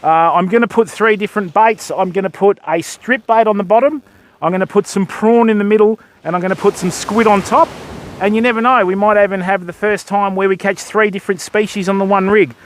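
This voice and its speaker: A man's voice: high voice, steady tone, a little fast. An older Australian man hosting a fishing livestream from a beach, chatting casually and greeting viewers as mate and bud while he rigs and casts. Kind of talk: casual live-stream chat while fishing. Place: beach by the surf, outdoors.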